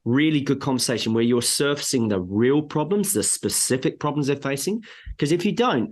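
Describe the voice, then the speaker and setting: A man who trains salespeople speaks as a podcast guest over a remote connection. His voice sits at a middling pitch, and he drives his points home with emphatic, coaching delivery and strings of rhetorical questions. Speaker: sales and marketing trainer for agriculture.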